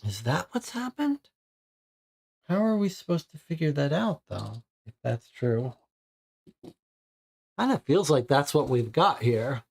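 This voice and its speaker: A man's voice: a little high, big pitch swings, a little slow, creaky, darkish tone, husky. Puzzled man reading a mystery game. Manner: thinking aloud, puzzled, musing. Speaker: game player and host.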